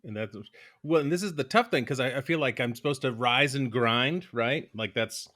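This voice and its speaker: A man co-hosting a podcast in casual conversation, speaking haltingly with frequent restarts as he searches for his words. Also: mid-range voice, fairly bright tone. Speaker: podcast co-host.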